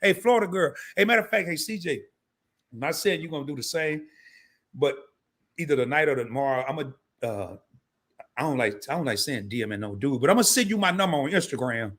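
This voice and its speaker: A hoarse man hosting a live interview stream, joking around in a loud, slangy, animated way. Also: a little high, fairly quick. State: hoarse from laryngitis. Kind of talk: casual live-stream chat.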